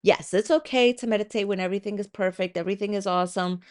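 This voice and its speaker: Lively, casual woman podcast host. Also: medium pitch, quick pace. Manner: lively storytelling with swearing and voiced asides; conversational, with frequent likes and ums. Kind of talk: casual solo podcast talk.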